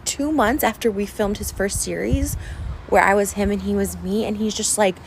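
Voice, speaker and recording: A woman's voice: mid-range voice, normal speed, vocal fry, slight background noise. A young adult woman vlogging unscripted to her viewers, upset and venting in a rambling way, full of "like". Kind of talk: unscripted vlog rant to camera.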